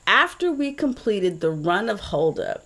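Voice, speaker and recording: A woman's voice: medium pitch, sing-song, a little slow, a bit bright. A woman co-hosting a podcast in casual chat, telling a story with chatty asides. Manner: chatty, reads quotes aloud, trails into asides.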